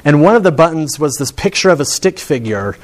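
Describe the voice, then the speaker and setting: This man's voice is a little high and expressive, and he talks fairly quickly. Preaching a conversational sermon, he tells stories in a chatty way, restarting often and building to his points with rising emphasis.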